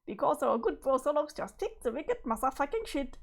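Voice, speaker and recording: A woman's voice: sits high, sing-song, a little fast, creaky, heavily acted. A woman reading the lines of an easygoing, swearing young male troll clown. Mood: laid-back.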